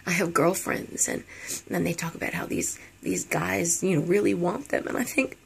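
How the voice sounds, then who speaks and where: A middle-aged woman talking candidly and earnestly to her viewers, sometimes dropping into a soft whisper. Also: mid-range voice, steady tone, moderate pace, gravelly, slightly rough. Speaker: Christian counseling vlogger. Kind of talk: candid personal talk to viewers.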